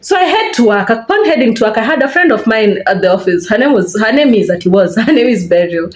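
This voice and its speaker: A woman's voice: fairly high pitch, big pitch swings, quick pace, few pauses, echoey room. A young woman with a Kenyan accent tells a story in a casual, chatty way while she gets ready. She retells events with animation and puts a bit of life into the lines she quotes. The sound is a simple phone-camera recording. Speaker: vlogger. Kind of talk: casual storytime while doing her hair.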